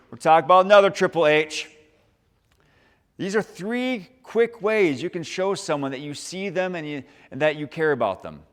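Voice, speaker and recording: Upbeat man speaking in a reverberant hall. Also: fairly high pitch. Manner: lively, upbeat, asks the audience questions. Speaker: motivational speaker. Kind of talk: motivational talk to a high school audience. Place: large school hall. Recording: long reverb from a large hall.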